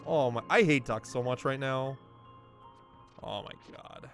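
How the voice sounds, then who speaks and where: A man casually commentating a video game race for his chat, excitable and laughing often, with sudden bursts of loud disbelief. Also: medium pitch, measured pace, long pauses, faint music behind.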